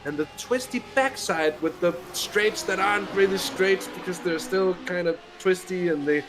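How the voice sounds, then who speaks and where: Co-commentator: man with a fairly high voice, measured and analytical, a bit halting, over a noisy line. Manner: measured, explanatory, a little hesitant.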